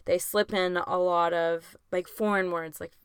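Chatty woman with a smooth, clear voice. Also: lowish voice, steady tone, a little slow, no echo, clean studio sound. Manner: chatty, many "like" fillers, laughs often. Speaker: podcast co-host. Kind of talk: casual chat.

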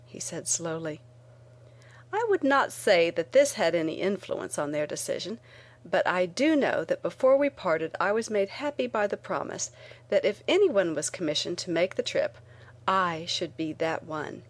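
A woman reading a first-person memoir aloud in a measured, earnest way. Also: lowish voice. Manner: measured, earnest reading with lively quoted lines. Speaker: narrator. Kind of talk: audiobook narration of a memoir.

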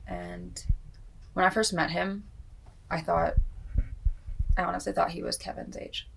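A woman's voice: lowish voice, fairly even intonation, a little slow, creaky, a little hiss or hum. A woman, an outreach van worker, speaking heartfelt and reflective in a documentary interview.

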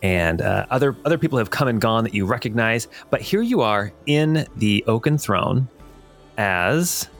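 Animated man narrating as game master. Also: fairly low pitch, moderate pace, soft background music. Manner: laughs often, hesitant with fillers.

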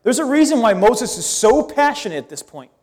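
High-voiced pastor telling a lively sermon. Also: male voice, fairly quick. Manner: animated storytelling, casual asides.

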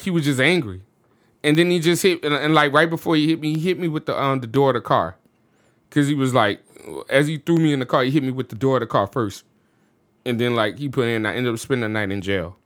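A man's voice: mid-range voice, quick pace, no echo. A man from the United States, a podcast guest, telling a personal story casually and with animation. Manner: animated, with frequent fillers like "you know what I'm saying".

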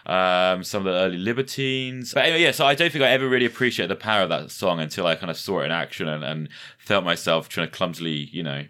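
A man with a low pitch and a bright, forceful tone chats casually about music. He sounds enthusiastic and reflective. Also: quick pace. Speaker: podcast co-host.

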